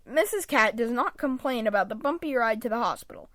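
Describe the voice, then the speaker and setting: Woman, high voice, sing-song storybook reading, expressive, dry close sound. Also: brisk, no echo. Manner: expressive, lively read-aloud. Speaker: storybook reader. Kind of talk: reading a children's picture book aloud.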